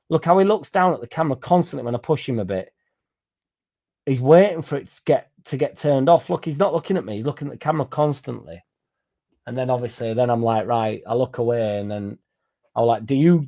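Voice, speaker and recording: With a mellow, medium-pitched voice, a young football fan streamer chats to his livestream viewers. His story wanders, he swears freely, and his tone stays blunt and laid-back.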